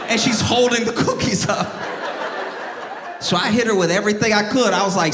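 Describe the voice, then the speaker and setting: A male stand-up comedian on a club stage, working a laughing audience with lively storytelling. His voice sits at an ordinary pitch, and it carries the long reverb of a live hall. A faint room hum runs under it. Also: moderate pace. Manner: animated storytelling, rising to high-pitched exasperation. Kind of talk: stand-up set.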